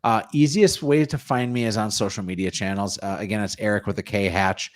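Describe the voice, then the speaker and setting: A man guest, a real estate coach, answering interview questions in an energetic, salesy way. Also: lowish voice, brisk, dry recording, clean studio sound. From North Dakota. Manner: energetic, salesy, plugs his offers.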